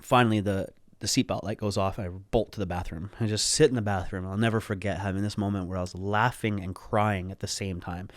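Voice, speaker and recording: A man telling a story on a podcast, animated, swearing freely and acting out the people in it. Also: fairly low pitch, brisk, hardly any pauses, no echo. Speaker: podcast guest. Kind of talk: casual storytelling.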